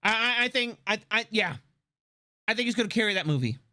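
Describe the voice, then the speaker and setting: Casual live streamer with an animated, swinging pitch. Talks in loose, profane rambles full of restarts. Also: a little fast. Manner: rambling, swears freely, frequent restarts and fillers.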